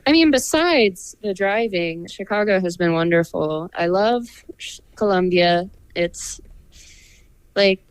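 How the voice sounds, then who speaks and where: A woman's voice: mid-range voice, takes it slowly, clean tone, no echo, rough recording. Laid-back young woman, close dry sound. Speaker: music student and songwriter. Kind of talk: casual chat.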